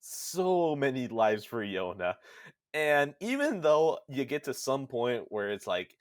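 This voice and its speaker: Animated male podcast host recapping a game. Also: a little high, normal speed, no echo, clean studio sound. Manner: animated storytelling, jokey asides.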